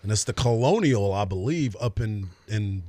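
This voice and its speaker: A man co-hosting a sports radio show in casual chat, laid-back and agreeable, often answering with a quick "right.". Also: fairly low pitch, lively intonation, dark tone, no echo.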